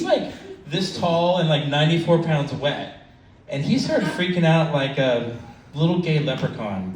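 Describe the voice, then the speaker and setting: A middle-aged man doing a stand-up comedy set at an open mic, telling crude stories in a rambling way with lots of fillers. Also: a little high. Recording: echoey club from a distance. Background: audience laughter.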